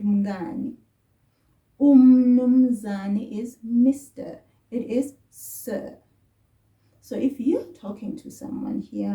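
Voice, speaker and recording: A woman gives a slow, patient children's language lesson in a mellow, dark-toned voice. She sounds a little far from the mic, in an echoey room. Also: fairly high pitch. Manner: slow, careful, repeats words for the child to echo.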